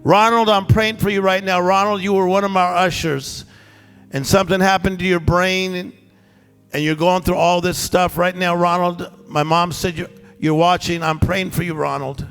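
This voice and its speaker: A middle-aged male pastor preaching a sermon to a live congregation, shouting and calling for responses. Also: sits high, steady tone, normal speed, clean tone. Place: church with live band and congregation. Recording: long church reverb, music behind. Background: band music.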